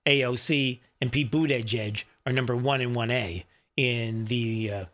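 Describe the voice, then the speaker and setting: A man's voice: mid-range voice, measured pace, a bit bright. Chatty male talk radio host. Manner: chatty, rambling, lots of fillers and asides to his producer. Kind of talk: casual talk radio monologue. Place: radio studio.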